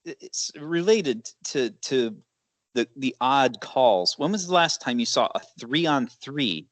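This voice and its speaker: A man co-hosting a casual sports chat, talking in a measured, hesitant way with many fillers. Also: medium pitch, expressive, dry recording. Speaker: sports podcast co-host.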